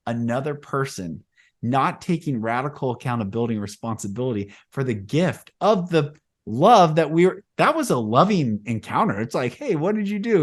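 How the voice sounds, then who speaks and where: A man hosting a podcast and sharing his spiritual visions in loose, rambling conversation. He speaks at an everyday, middle pitch and grows more animated as he retells old stories. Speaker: podcast host.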